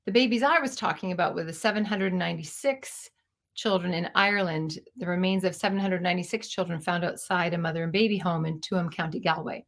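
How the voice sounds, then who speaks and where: A woman's voice: on the low side, fairly quick. A woman in her fifties, a storyteller and stage performer, talking through a reflective personal monologue in an earnest, searching and self-questioning way. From Canada. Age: 50s.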